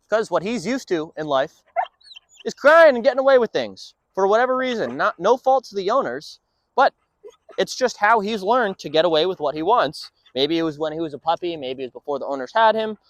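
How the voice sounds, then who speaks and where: Male dog trainer, upbeat explainer with a high lively voice, dry close sound. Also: a little fast, dry recording. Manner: upbeat explainer mixing in short firm commands to a dog.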